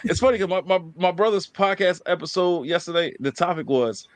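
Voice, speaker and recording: A man's voice: high voice, brisk. A man in his late twenties hosting a casual podcast chat, telling stories with lots of energy and acting out the voices he quotes. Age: 20s. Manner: animated storytelling, acts out quoted voices. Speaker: podcast host.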